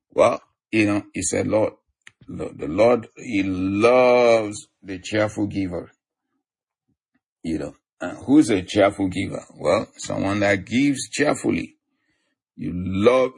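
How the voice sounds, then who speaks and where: A man teaches from the Bible in a relaxed sermon, reading verses and then explaining them in plain talk. His voice sits low, with a gravelly, husky edge. He often chuckles between his points. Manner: reads scripture aloud, chuckles between points. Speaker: preacher.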